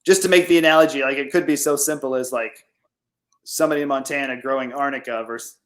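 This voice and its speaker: A man's voice: mid-range voice, fairly even intonation, fast, a bit bright. A man farmer being interviewed over a remote call, talking casually and rambling, with lots of "like" fillers. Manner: rambling, heavy use of "like". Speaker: farmer guest.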